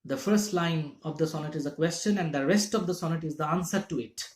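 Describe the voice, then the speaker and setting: A man's voice: a little high, brisk. A man teaching literature in a classroom-lecture style, explaining step by step and checking in with his listeners. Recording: echoey room.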